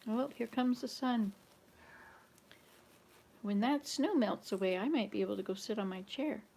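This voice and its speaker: Gravelly woman humming folk tunes. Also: mid-range voice, normal speed, warm tone. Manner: rambling, sings old folk tunes with la-las. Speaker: vlogger. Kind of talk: casual chat and humming to herself.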